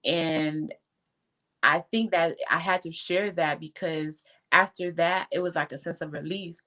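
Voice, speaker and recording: Guest: fervent woman with a low voice, emotional testimony, close to tears. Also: fairly even intonation, unhurried, bright, forceful tone. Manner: fervent, faith-filled, tearful. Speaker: guest entrepreneur.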